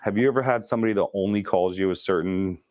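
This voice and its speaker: Fast-talking deep-voiced male sales trainer. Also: a little mellow, no room sound, clean studio sound. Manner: talks fast, chatty and joking. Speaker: real estate sales trainer. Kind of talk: casual training session.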